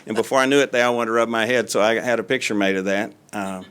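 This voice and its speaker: A man's voice: on the low side, fairly even intonation, fast, fairly bright tone, smooth. An older man, a school superintendent giving a folksy, rambling presentation to a city board, with many fillers. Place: city council meeting room.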